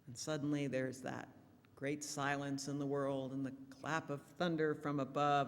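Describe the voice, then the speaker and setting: A woman's voice: rumbling low, moderate pace, big-room sound. A woman minister giving a sermon in a church, telling jokes in a storytelling manner. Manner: warm storytelling, lively shifts in loudness. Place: church sanctuary.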